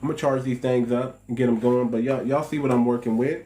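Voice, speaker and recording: Speaking fast with a steady tone, this emphatic man from the United States has a dark, mid-range voice and does political commentary on a livestream. He repeats phrases and talks straight to his chat, and the poor audio from a cheap little wireless clip mic has slight background noise.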